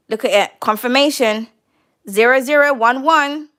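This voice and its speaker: A British woman giving a casual tarot reading, brash and profane and quick to laugh. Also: high-pitched, a bit bright. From United Kingdom. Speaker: tarot card reader.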